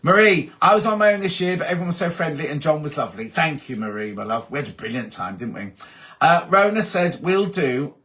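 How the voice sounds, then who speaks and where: A man's voice: fairly high pitch, animated, a little fast. A man hosting a casual live-stream chat, reading out viewer comments and answering them one by one. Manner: chatty, reads out comments and answers them warmly. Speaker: host.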